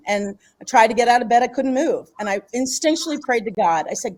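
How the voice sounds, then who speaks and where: Animated middle-aged woman telling a story. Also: a little high, a little fast, few pauses. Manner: animated, rambling, repeats words and restarts, laughs often. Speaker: guest author and healer. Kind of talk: storytelling in a casual interview.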